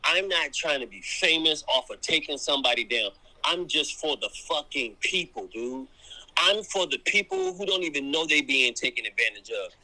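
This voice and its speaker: A man's voice: a little high, lively intonation, moderate pace, bright, forceful tone. A man delivering a heated, profane monologue to camera, repeating his points for emphasis. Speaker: commentator.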